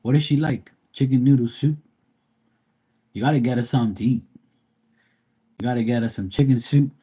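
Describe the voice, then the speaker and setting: Man, live-stream host, blunt, profane, rambling chat, dark mellow tone. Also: medium pitch, fairly even intonation, fairly quick, breathy edge. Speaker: livestream host.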